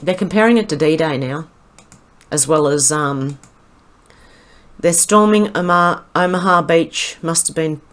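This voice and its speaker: An Australian woman with a slightly low voice talks through online posts in a casual, opinionated commentary. She is scornful and chatty, and she stops often to restart a thought or fill a pause with an um. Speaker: commentary vlogger.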